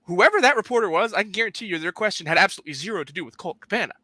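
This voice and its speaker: A man talks fast and emphatically on a podcast, rambling through restarts. His voice sits high and swings widely, with a very bright edge. The sound is dry and close. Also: expressive, dry recording. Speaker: podcast co-host. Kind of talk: casual wrestling chat.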